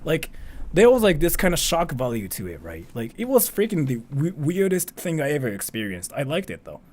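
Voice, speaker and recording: A young man from Japan answers viewer questions on a livestream, with a somewhat high voice that swings up and down a lot. His talk rambles casually, thick with "like" and "freaking". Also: huge pitch swings, a little fast, a little mellow. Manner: chatty, rambling, heavy use of "like" and "freaking". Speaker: streamer answering donation questions.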